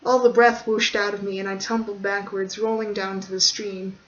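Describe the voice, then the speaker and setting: Measured storyteller on a dull distant mic. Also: mid-range voice, level tone, fairly bright tone. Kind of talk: scripted narration of a horror short story. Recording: dull distant recording, faint hiss.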